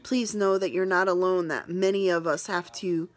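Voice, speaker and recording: A woman's voice: lowish voice, fairly even intonation, normal speed. Earnest, tearful woman vlogger. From New England. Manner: earnest, tearful, rambling with restarts. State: emotional, near tears. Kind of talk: emotional personal vlog.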